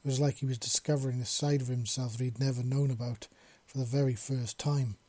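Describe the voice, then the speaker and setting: A man reads a story aloud in a steady, even way. His voice is mellow and dark with a breathy, husky edge. It sounds dry and close to the mic. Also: medium pitch, fairly quick, dry recording. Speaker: narrator. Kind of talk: storybook reading.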